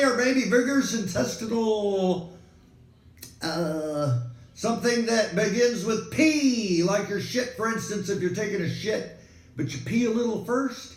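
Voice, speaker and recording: A man's voice: sits high, measured pace. A man hosting a rambling comic monologue as a weatherman, full of sarcastic, digressive rants. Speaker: comedic weatherman host. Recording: echoey room.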